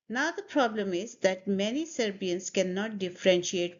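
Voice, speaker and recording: A woman teaching English pronunciation, slowly demonstrating words and having students repeat them. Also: mid-range voice, lively intonation. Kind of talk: pronunciation lesson. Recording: dull lo-fi audio.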